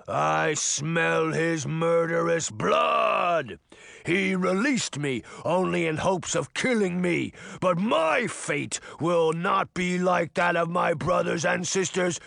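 A man voicing an enormous, vengeful male giant in an audiobook, shouting slowly and heavily. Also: high-pitched, creaky, no echo, studio quality, pitched above the performer's own voice, exaggerated voice. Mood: furious. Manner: slow shouted bellowing. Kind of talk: audiobook character voice.

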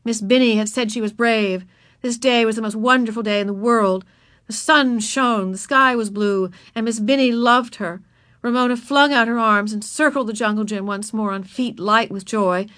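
A woman narrating a children's storybook in an expressive, animated reading. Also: on the high side, normal speed, no echo, clean studio sound.

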